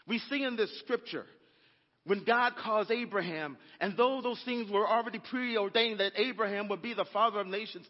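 A pastor preaches a sermon and calls out to his congregation for answers. His voice sits high for a man. The recording is dull and muffled, with a long church echo behind him. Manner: preaching with call-and-response asides to the congregation. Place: church sanctuary.

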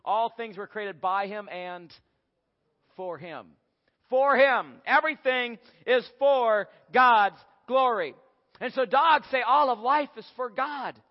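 A man preaching a sermon with emphatic swings, rising to near-shouts and dropping low. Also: slow pace. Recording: muffled sermon audio in a reverberant hall.

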